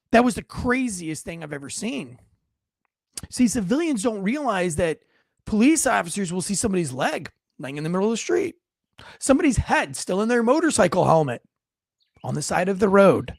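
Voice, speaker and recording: A man in his forties telling a story in casual talk, acting out the people in it with shouts and frequent restarts. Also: high voice, moderate pace, gravelly, no room sound, clean studio sound. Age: 40s. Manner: animated storyteller who acts out shouted quotes, with frequent restarts.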